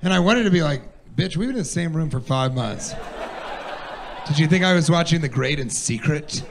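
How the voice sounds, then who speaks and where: A man performing a stand-up comedy set on a stage, animated and playful, riffing with the audience. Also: a little high, moderate pace, creaky, background noise.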